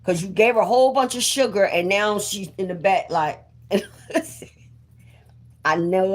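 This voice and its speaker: A woman's voice: mid-range voice, normal speed. A woman chatting casually to her viewers on a live stream, repeating herself and swearing freely. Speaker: vlogger on a livestream.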